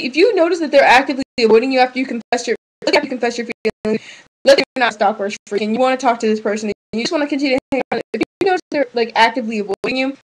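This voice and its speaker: A woman's voice: on the high side, low-quality recording. A young woman giving casual relationship advice into a webcam, rambling, frank and full of restarts.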